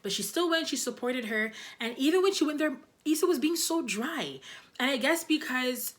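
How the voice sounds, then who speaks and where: A woman's voice: sits high, lively intonation, normal speed. Chatty young woman reviewing a show. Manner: chatty, loose, heavy on fillers like "like" and "you know". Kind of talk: casual episode review chat.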